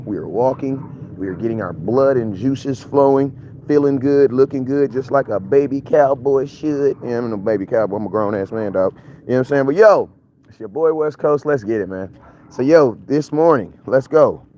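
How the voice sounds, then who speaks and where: A grown man hosting a casual live stream on a morning walk outdoors, energetic and full of slang, greeting viewers by name. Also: mid-range voice, moderate pace, a little hiss or hum, low-quality recording.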